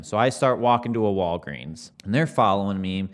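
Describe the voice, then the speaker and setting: Young man telling an animated story. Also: lowish voice, moderate pace, few pauses. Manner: animated, swears freely, acts out quotes. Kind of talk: casual storytelling.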